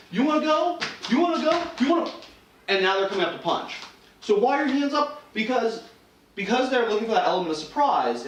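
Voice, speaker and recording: A man with a high, fairly bright voice demonstrates self-defense, talking informally, restarting often and acting out what people might say. The mic is far off, the room echoes, and there's slight background noise.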